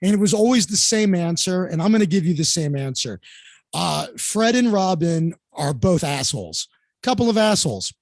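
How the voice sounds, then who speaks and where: A man with a notably high voice tells a rambling story as a guest, circling back with fillers and restarts. He is from Florida. The sound is dry and close. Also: big pitch swings, normal speed, a little mellow, no room sound. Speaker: guest comedian. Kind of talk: casual anecdote telling.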